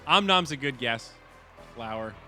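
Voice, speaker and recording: A man hosting a game stream, chatting casually and excitably, swearing and laughing at his losses. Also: medium pitch, a little slow, soft background music. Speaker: stream host and commentator.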